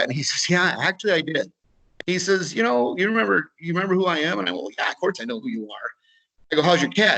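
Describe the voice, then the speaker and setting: A man's voice: fairly high pitch, vocal fry, sharp tone, low-quality recording. Chatty Midwestern man telling a story. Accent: Upper Midwest American. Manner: casual, repeats words, acts out dialogue. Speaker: webinar speaker. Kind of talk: storytelling talk. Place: video webinar.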